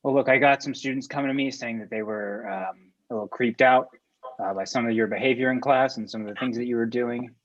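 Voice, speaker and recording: A man's voice: fairly even intonation, brisk, dull audio, natural voice. A man in an improv scene playing a flustered school dean who speaks hesitantly and with awkward politeness. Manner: hesitant, awkwardly polite, then shrill when upset. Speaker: improv performer.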